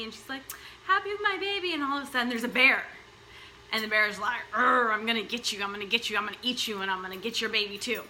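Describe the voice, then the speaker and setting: A woman giving a passionate monologue to camera, animated and full of rhetorical questions. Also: on the high side, a little hiss or hum, low-quality recording. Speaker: vlogger, mothers' rights advocate.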